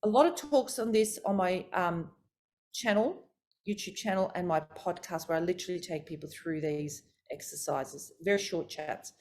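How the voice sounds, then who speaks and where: A middle-aged woman vocal coach teaching a workshop, talking through voice warm-ups with expressive, demonstrative delivery. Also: moderate pace. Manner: expressive, demonstrates pitch and articulation.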